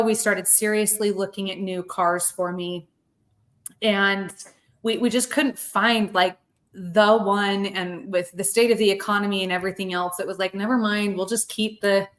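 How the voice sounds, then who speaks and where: A podcast guest in her thirties speaks in a mid-range, fairly bright voice. Telling a personal story with earnest emotion, she comes close to tears, and her heartfelt account is marked by frequent word repeats.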